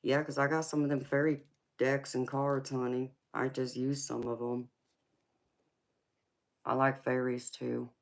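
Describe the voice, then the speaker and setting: A woman's voice: very deep voice, flat delivery, measured pace, long pauses. A woman, tired from little sleep, hosting a tarot livestream and talking affectionately with viewers, calling them honey and girlfriend. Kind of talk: casual livestream chat.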